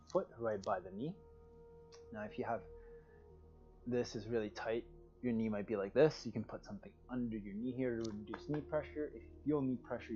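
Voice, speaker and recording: A man teaching a guided yoga class over a livestream, with calm, soothing, drawn-out cues and sighs of relief. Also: on the low side, dull audio.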